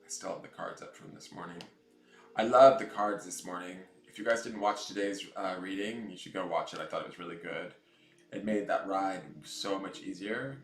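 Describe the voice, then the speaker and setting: A man with a lowish voice chats casually on his tarot live stream, answering viewers by name. The room sounds echoey, and faint music plays in the background. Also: moderate pace. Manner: coos in a high baby voice to his new cat.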